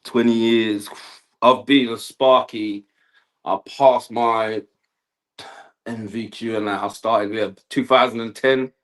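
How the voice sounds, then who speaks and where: A man's voice: mid-range voice, fairly even intonation, slow pace. A man, an electrician chatting casually on a livestream, laughing often and asking "do you know what I mean". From Kent, England. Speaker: guest electrician.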